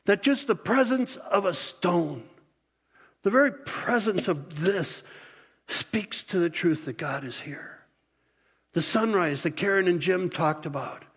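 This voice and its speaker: A pastor preaching a sermon in an animated, conversational way, often restarting his sentences. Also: high-pitched, a little slow, breathy edge, long reverb tail.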